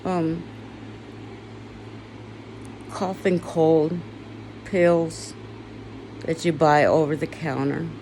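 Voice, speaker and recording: Woman, somewhat low voice, raw confessional talk with blunt swearing. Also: fairly even intonation, darkish tone, a little hiss or hum. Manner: slow, weary and emotional, turning bitter with swearing. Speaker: vlogger. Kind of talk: personal confessional monologue.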